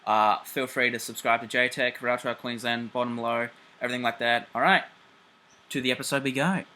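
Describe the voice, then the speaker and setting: An Australian man hosting a casual railway vlog, excitable and chatty, swearing freely and filling pauses with "uh". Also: mid-range voice. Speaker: railway channel host.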